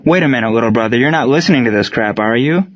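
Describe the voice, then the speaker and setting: A man's voice: medium pitch, lively intonation, fast talker, muffled recording, close to an everyday voice. A man voicing a hot-tempered young man who is eager to go to war and speaks in an agitated way. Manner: shouting, agitated.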